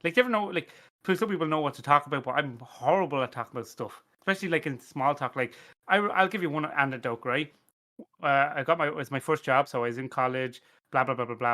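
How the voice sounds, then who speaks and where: Bright-voiced Irish man, rambling. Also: medium pitch. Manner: rambling, sweary, laughs often, self-deprecating. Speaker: podcast host. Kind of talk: casual podcast chat.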